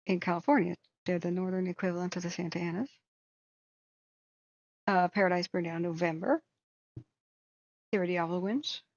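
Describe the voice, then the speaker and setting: A woman with a low voice ranting bluntly on her wildfire tracking channel. She speaks in a flat, heated tone and swears freely. The sound is dry, dull and lo-fi. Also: dry recording. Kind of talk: angry commentary rant.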